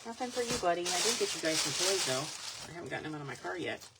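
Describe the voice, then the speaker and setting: A woman's voice: on the low side, lively intonation, very fast. A woman selling vintage goods online, chatting casually and rambling as she shows items on a live stream. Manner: chatty, rambling, thinks aloud. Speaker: online vintage seller showing products. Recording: loud background noise, crinkling packaging.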